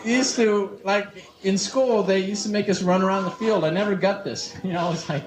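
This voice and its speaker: A man's voice: high voice, steady tone, normal speed, reverberant, background noise. A man performing a stand-up comedy set, joking and stumbling over his restarts. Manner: joking, acts out characters, stammers on restarts. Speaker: stand-up comic. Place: comedy club stage with live audience. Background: audience laughter.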